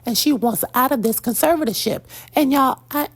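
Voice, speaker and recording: A woman delivers opinionated celebrity gossip commentary, blunt and sassy, lecturing her listeners. Her voice is fairly high, with a gravelly, husky edge. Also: moderate pace. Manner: blunt, sassy, preachy, addresses "girl" and "y'all".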